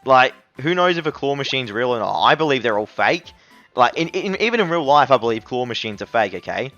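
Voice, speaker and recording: A young man with an ordinary mid-range voice chats casually to his audience as he reviews an app, calling them everyone and bro. He is excitable and quick to yelp at near misses. The recording is slightly muffled and lo-fi, with faint music playing underneath. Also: medium pitch. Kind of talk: casual gameplay commentary to viewers.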